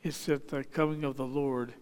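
A man preaching a sermon as a pastor. He reads scripture aloud, then explains it slowly, pausing often with fillers. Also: medium pitch, little pitch movement, a little mellow, clear, resonant tone, long reverb tail.

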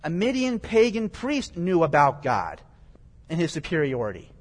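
Male preacher, slightly raised pitch, plain-spoken verse-by-verse teacher, reverberant hall sound. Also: wildly swooping pitch, moderate pace. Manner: explains scripture verse by verse in plain everyday words. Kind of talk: conversational Bible teaching. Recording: long reverb, echoey hall.

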